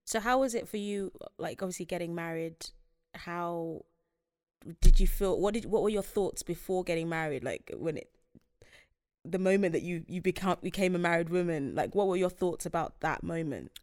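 A woman's voice: fairly low pitch, normal speed, darkish tone, no echo, clean studio sound. A young woman hosting a casual chat, asking thoughtful, slightly hesitant questions.

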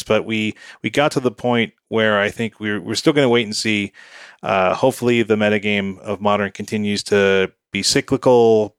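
A man's voice: on the low side, clean tone, dry recording, studio quality. A man hosting a casual podcast, talking in a rambling, hedging way with many fillers. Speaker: podcast host.

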